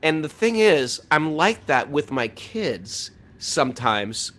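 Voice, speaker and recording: A middle-aged man talking in a casual, animated way about spiritual life, laughing often as he tells stories. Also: a little high, slow pace. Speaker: podcast host.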